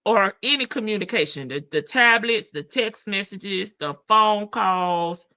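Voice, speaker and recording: A woman's voice: mid-range voice, measured pace, sharp tone, dull audio. A woman hosting a casual livestream, chatty and sassy, laughing often and calling her viewers baby. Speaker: livestream host.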